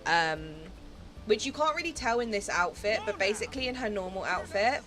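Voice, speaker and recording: A chatty woman hosts a relaxed game livestream, her voice in an ordinary middle register. She rambles and giggles, leaning on lots of "um" and "like," with soft game music playing faintly behind her. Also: mid-range voice, normal speed. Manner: chatty, giggly, many fillers like "um" and "like". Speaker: game streamer. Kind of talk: casual livestream chat while gaming.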